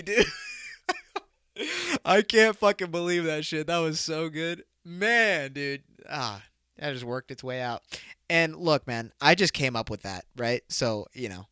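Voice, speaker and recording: A man's voice: on the high side, bright, forceful tone, clean tone, no echo, clean studio sound. A man hosting a comedic solo podcast, telling a rambling, profane story and laughing at his own jokes. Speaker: podcast host.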